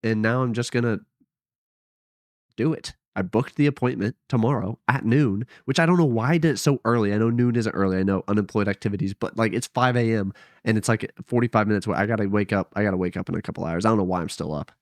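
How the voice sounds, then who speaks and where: A man's voice: lowish voice, fast, no echo, clean studio sound. A young man vlogging casually from home on a headset mic, rambling and hesitant, often trailing off and poking fun at himself. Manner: rambling, hesitant, self-deprecating. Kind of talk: casual late-night vlog.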